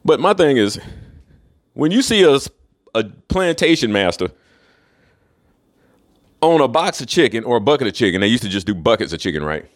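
A man's voice: mid-range voice, sing-song, moderate pace, long pauses. A man hosting a solo podcast, ranting in a casual, profane and emphatic way. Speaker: podcast host.

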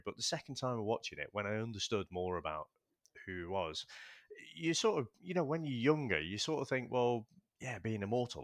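A man's voice: fairly low pitch, a bit bright, dry recording, studio quality. A man co-hosting a film podcast, chatting candidly, swearing freely and laughing easily. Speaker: podcast co-host. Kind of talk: casual film chat.

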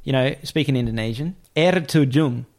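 Animated man telling a story. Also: mid-range voice, normal speed. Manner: animated, acts out quoted voices, swears casually. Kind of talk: casual storytelling chat.

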